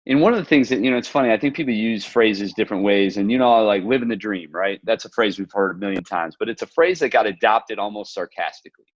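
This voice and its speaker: A man's voice: lowish voice, quick pace, hardly any pauses, no room sound, highs cut off. A man hosting a casual conversation, talking earnestly and reflectively, often telling short stories with quoted asides. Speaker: podcast host. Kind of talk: casual video-call conversation.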